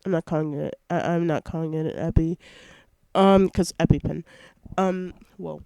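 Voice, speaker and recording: The voice here is medium-pitched, gravelly yet warm, steady and clean at a moderate pace, recorded without echo. It belongs to a young adult college student vlogging from home on a headset mic, rambling casually with many fillers, breaking off mid-thought, and sniffling through a stuffy nose.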